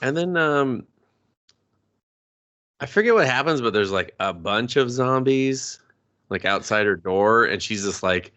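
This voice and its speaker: A man's voice: medium pitch, lively intonation, a little slow, pauses often, fairly bright tone. A young man co-hosting a casual movie review podcast, cursing and joking as he acts out the characters in mock voices. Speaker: podcast co-host.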